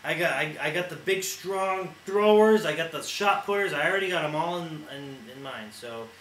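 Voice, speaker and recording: Casting: young male co-host, slightly high voice, loose and joking, recorded in an echoey room with background noise. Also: lively intonation, moderate pace, fairly bright tone. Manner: rambling, laughing, ad-libbing jokes. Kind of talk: casual chat. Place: indoor room.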